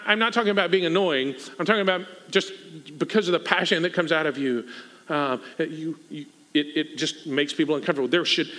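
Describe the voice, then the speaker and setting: A man preaching a sermon as pastor, animated and acting out the people in the story. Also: a little high. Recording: echoey hall.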